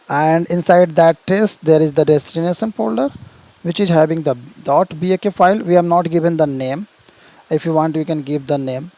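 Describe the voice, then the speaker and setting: A man's voice: on the high side, mellow, low-quality recording. A man teaching programming in a screen-share tutorial, walking through steps and checking in with "see" and "right?". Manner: explains step by step, repeats "see" and "right?", frequent restarts.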